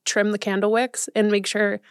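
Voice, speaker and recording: A woman's voice: mid-range voice, completely flat delivery, normal speed, clear, resonant tone, no room sound, clean studio sound. A young woman in her twenties co-hosting a podcast, chatting casually and gushing with lots of "like". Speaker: podcast co-host. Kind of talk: casual chat.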